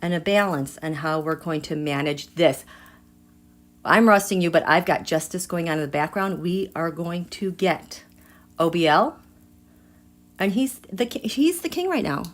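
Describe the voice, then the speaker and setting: A slightly low-pitched woman hosting a live tarot reading. She is chatty and dramatic, often talking straight to her viewers. She drops into hushed asides, then bursts out with excitement. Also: normal speed. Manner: chatty, addresses viewers directly. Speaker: tarot reader and livestream host.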